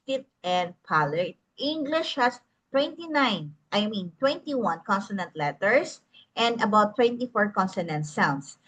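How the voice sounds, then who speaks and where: A woman's voice: mid-range voice, a bit bright. A woman lecturing an online class, often checking in with "okay?" and calling the students "guys". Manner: tags most phrases with "okay?", addresses students as "guys". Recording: dull lo-fi recording.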